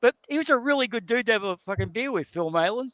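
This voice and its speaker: High-voiced profane Australian storyteller. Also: male voice, lively intonation, fast, a bit bright, no echo. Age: middle-aged. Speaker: podcast co-host. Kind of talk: casual chat, anecdotes.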